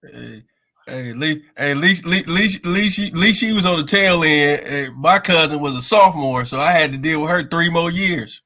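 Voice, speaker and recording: A man's voice: fairly high pitch, fairly quick, sharp tone. A man co-hosting a casual chat, laughing and repeating words as he tells stories. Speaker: guest co-host.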